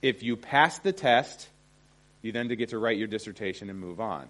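A man's voice: lowish voice, animated, moderate pace, fairly bright tone. A middle-aged man preaching a sermon in a conversational way, often checking in with his listeners. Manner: conversational, often asks "okay?". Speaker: pastor.

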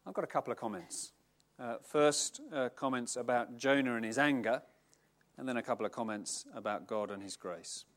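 A middle-aged man preaching a sermon in a conversational, self-mocking, animated way. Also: medium pitch, moderate pace. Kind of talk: sermon with Bible reading.

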